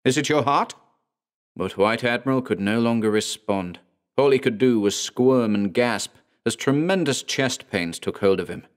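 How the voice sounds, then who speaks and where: A man narrating a horror story in a measured, dramatic storytelling manner. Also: on the low side.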